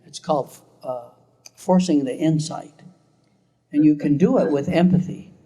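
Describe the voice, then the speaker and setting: A man's voice: fairly high pitch, measured pace, warm tone. An older man giving a recorded classroom lecture in a conversational way, chuckling often.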